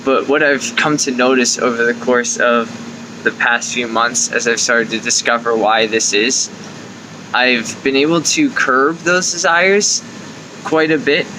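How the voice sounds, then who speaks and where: A man's voice: medium pitch, a little slow, noisy background. A young man hosting his own coaching video, talking casually and acting out the thoughts in his head. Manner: conversational, acts out inner thoughts with lively quoted asides. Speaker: life coach and video host. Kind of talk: casual talking-to-camera advice.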